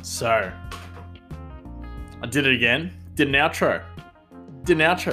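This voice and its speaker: A man's voice: mid-range voice, very animated, normal speed, long pauses, bright, forceful tone, soft background music. A man hosting a solo talk show, rambling casually with many fillers and restarts. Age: adult father. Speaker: podcast host.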